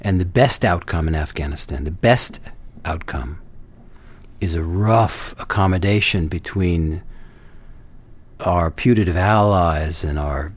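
A man speaks in a somewhat low voice on a political panel. He talks in a measured, hesitant way, pausing on fillers and restarting his sentences. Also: husky. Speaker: guest commentator.

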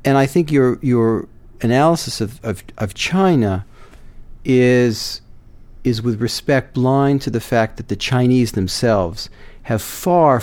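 A man discussing politics on a panel, measured and hesitant, with many fillers and restarts. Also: mid-range voice, a little mellow, dry recording. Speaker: guest commentator.

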